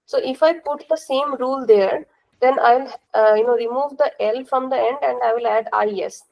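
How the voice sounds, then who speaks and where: A woman's voice: sits high, normal speed, creaky, darkish tone, rough recording. A young woman with an Indian accent teaching a language class, explaining step by step in a patient, repetitive way and checking in with questions.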